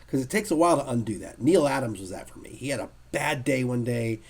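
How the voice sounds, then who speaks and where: A man telling stories in a casual podcast chat, lively and acting out the people he quotes. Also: medium pitch, fast talker, husky. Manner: lively storyteller, acts out quotes. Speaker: guest artist telling convention stories.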